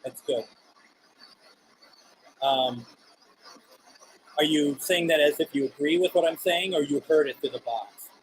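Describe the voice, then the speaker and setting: Male host with a somewhat high voice, gently coaxing spirits during a live session, unhurried and hesitant. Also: slight background noise, low-quality recording. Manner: calm, coaxing questions with frequent hesitations. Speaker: paranormal radio show host.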